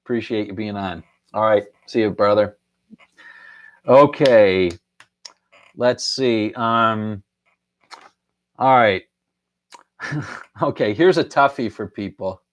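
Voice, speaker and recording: A man's voice: fairly low pitch, slow pace, pauses often. A middle-aged man hosting a casual live stream, chuckling often and half-singing song lines as he reads out viewer answers.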